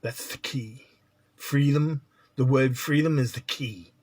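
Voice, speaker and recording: A man's voice: mid-range voice, slow pace, darkish tone, husky. A man giving a spiritual monologue as a teacher, blunt and lecturing, often checking in with "right?".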